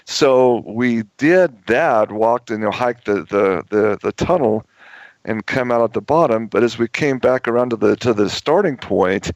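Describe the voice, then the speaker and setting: Male radio guest, storytelling, halting and repetitive; dry, muffled lo-fi audio. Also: mid-range voice, dry recording. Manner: rambling, many restarts and repetitions. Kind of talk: radio talk show storytelling.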